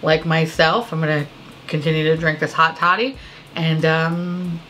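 A woman's voice: sits low, level tone, a little slow, a bit bright, slight background noise. A woman beauty vlogger chatting casually while getting ready. She is tipsy and stuffy-nosed, and her talk is profane and self-mocking. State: stuffy nose. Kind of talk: casual get-ready-with-me chat.

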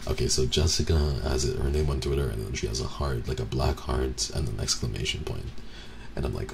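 A man streaming in a soft-spoken ASMR chat, teasing and playfully mock-offended with his viewers, close to the mic. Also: extremely low pitch, a little fast, vocal fry. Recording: steady background noise.

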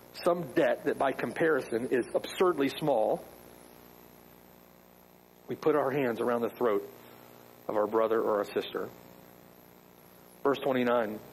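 A man's voice: fairly high pitch, slight background noise, poor audio. A man preaching a sermon as pastor, emphatic, with rhetorical questions.

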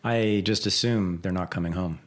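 A man's voice: low voice, normal speed. A man hosting a podcast, talking in a casual, reflective way and echoing his guest's words back. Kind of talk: casual conversation.

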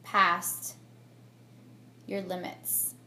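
A woman's voice: on the low side, completely flat delivery, extremely slow, bright, forceful tone, a little hiss or hum. A young woman vlogging while she does her makeup, talking candidly and reflectively with many fillers and restarts. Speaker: beauty vlogger. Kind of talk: get-ready-with-me chat. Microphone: camera mic on a tripod.

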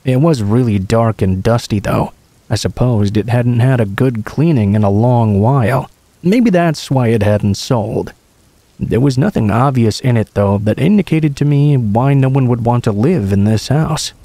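Mellow-voiced man reading scary stories. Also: medium pitch, measured pace, no room sound. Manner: steady, casual first-person storytelling. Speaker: horror story narrator.

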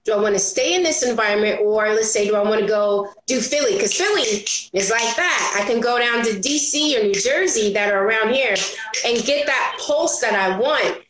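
A woman entrepreneur telling stories as a guest in an interview, expressive and quick to act out the voices of people she quotes. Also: fairly high pitch. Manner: expressive, acts out quoted voices, laughs often. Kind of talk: animated storytelling interview. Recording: roomy echo.

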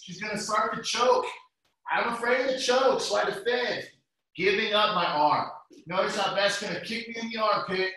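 A man teaching a jiu-jitsu class, walking students through moves step by step and calling them guys. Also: high-pitched. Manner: steady step-by-step coaching, addresses students as guys. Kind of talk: live class instruction over video call. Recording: echoey room, voice from far off.

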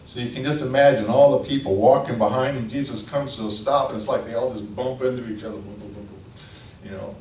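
A man preaching a sermon, telling the story in a lively storytelling manner. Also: medium pitch, fast talker. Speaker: pastor. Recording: echoey room from a distance, faint noise.

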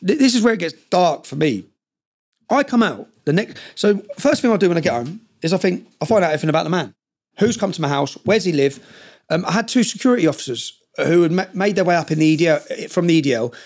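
A man's voice: high voice, a little mellow. A middle-aged man, a podcast guest, telling his story intensely and often checking in with "yeah?". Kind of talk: storytelling in conversation.

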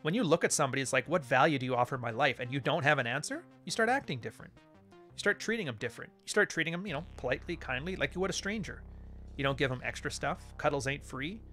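Blunt, bright-voiced man telling stories. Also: fairly high pitch, expressive, quick pace, soft background music. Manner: blunt and profane, storytelling with acted-out quotes. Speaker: podcast host. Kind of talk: casual monologue.

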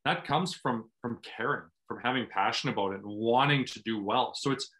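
A man of middle pitch talks through a mental routine for athletes in an earnest, coaching way. He keeps restarting phrases as he goes, and the sound comes through a video call. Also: normal speed, a bit bright. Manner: earnest, restarts phrases, acts out inner self-talk. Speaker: guest, former pro volleyball player. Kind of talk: explaining mental training in conversation.

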